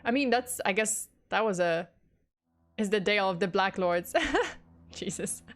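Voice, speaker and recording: A woman's voice: mid-range voice, unhurried, faint music behind. A young woman telling a true crime story on a livestream, greeting chat viewers between parts and laughing and swearing casually. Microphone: desktop USB mic.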